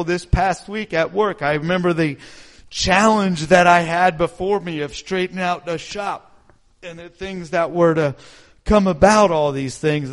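A man sharing a personal testimony in a sermon, earnest and animated, asking the listeners call-and-response questions. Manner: drops to a low hushed voice when praying. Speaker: lay preacher sharing testimony.

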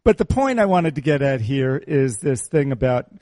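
A man's voice: medium pitch, very animated, moderate pace, dark tone, no room sound, clean studio sound. A man, a pastor, preaching an informal sermon in a conversational way, repeating key phrases for emphasis and slipping in teasing asides to people in the congregation.

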